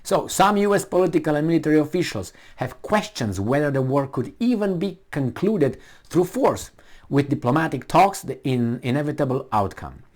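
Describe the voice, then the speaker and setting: A man hosting a commentary video, reading a news article aloud and mocking it with sarcasm and swearing. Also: medium pitch. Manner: animated, sarcastic, swears and mocks the article's author. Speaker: political commentary video host.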